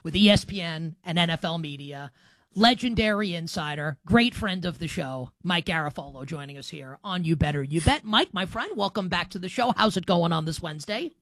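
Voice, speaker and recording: A man in his thirties hosting a casual sports talk show, rambling and animated, full of "like" fillers. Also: on the high side, brisk, no room sound. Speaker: podcast host.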